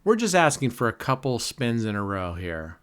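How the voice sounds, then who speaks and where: A man's voice: medium pitch, big pitch swings, moderate pace, a bit bright, clear, resonant tone. A middle-aged man giving casual, joking live commentary on his casino session, laughing often and cheering or groaning at each spin. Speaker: casino vlogger.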